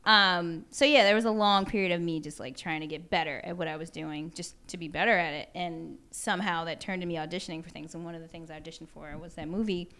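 Woman, casual chat, animated storyteller, fillers. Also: on the low side, quick pace, few pauses. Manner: animated storyteller, many fillers, laughs often. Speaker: guest.

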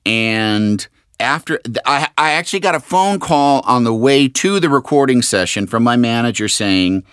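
A man's voice: mid-range voice, animated, normal speed, a bit bright, smooth, no room sound, studio quality. A man, a voice actor, telling a rambling story in a casual interview, correcting himself and acting out quotes. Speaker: voice actor guest.

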